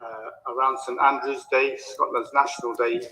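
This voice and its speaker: A man's voice: medium pitch, level tone, normal speed, sharp tone, poor audio. A man giving a public speech at a march. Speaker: speaker at a march. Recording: crowd noise behind, outdoor rally.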